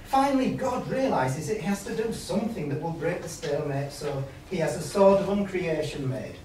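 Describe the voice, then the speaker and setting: A man reading a story opening aloud to a live audience in a grand, measured way. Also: fairly high pitch, animated, a little mellow. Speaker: author reading his story. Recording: echoey hall, far mic, faint noise.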